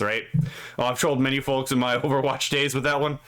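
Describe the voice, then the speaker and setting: A man's voice: mid-range voice, fairly even intonation, brisk, a bit bright, clear, resonant tone. Sarcastic, profane male streamer. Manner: sarcastic, profane, mocking asides; frequent filler "right?". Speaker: streamer reading posts. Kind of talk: casual live stream commentary.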